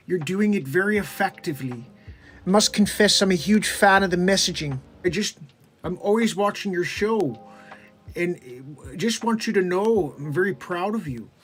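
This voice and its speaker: A man doing a comedic impression of a measured, earnest psychology professor. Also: sits high, a bit bright, faint music behind. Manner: measured, formal.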